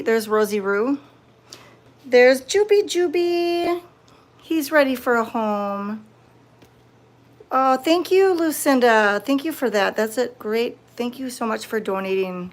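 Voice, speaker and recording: A woman live-streaming from a cat sanctuary, chatting casually with viewers and cooing softly at the cats. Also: mid-range voice. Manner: soft-spoken, cooing baby talk to cats. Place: indoor cat room at a sanctuary.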